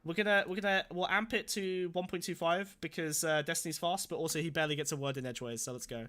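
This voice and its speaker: A man's voice: a little high, steady tone, fast, bright, forceful tone. A man with a sore throat, hosting a casual livestream with swearing, mock-angry rants. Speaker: streamer host.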